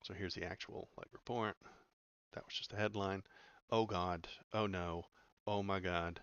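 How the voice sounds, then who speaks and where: Gravelly low-voiced man, sarcastic news commentary. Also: fairly even intonation, unhurried, a bit bright, no echo, dull audio. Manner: sarcastic, rambling, many "uh" fillers. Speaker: political commentary streamer. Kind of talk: casual commentary reading news aloud.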